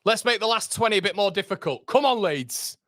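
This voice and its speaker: A young man reacting live to a football match for his fan channel, swinging from groans to excited shouts. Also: high-pitched, a little fast, no echo, studio quality.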